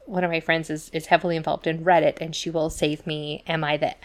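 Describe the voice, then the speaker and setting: Low-voiced woman telling a rambling story. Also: little pitch movement, fairly quick. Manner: chatty storytelling full of fillers and asides; acts out quoted voices in retellings. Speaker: podcast co-host. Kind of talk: casual chat.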